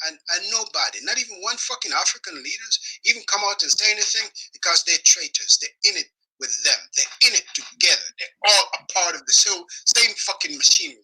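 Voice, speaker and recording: A man delivering an angry, profane weekly rant, swearing constantly and shouting in bursts. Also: high-pitched, rough recording. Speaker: video blogger.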